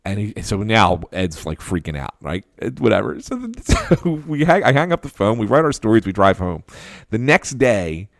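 A man who covers hockey, telling a casual story with animated delivery, frequent restarts and laughs. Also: fairly low pitch, normal speed, gravelly, dry recording, studio quality. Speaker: hockey reporter guest.

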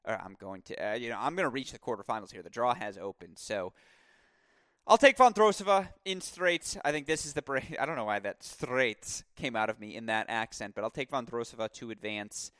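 A man hosting a tennis podcast, giving a rambling, animated solo preview with asides and self-corrections. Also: lowish voice, fairly quick, hardly any pauses, no room sound.

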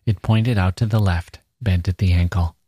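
A man who hosts a podcast, reading a short story aloud at a measured, dramatic pace. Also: low voice, fairly even intonation, dark tone, husky, no echo, studio quality. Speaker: podcast host.

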